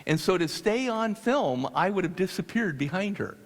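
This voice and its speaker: Animated man telling a story in a hall. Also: sits high. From United States. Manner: animated, halting with restarts. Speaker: speaker. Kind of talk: storytelling talk. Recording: long hall reverb.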